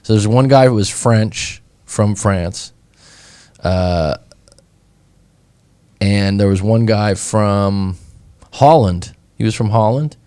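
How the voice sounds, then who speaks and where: A man from California, a breakup coach hosting a show, chatting casually and telling stories in an animated way. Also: lowish voice, takes it slowly, long pauses, clear, resonant tone, no room sound. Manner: animated, conversational, acts out anecdotes. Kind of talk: casual chat, storytelling.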